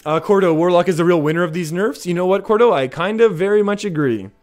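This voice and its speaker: A man streaming a card game, chatting casually with his viewers and reacting with excitement to each play. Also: high voice, fast talker. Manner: chatty, reads chat aloud, excitable. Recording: faint music behind.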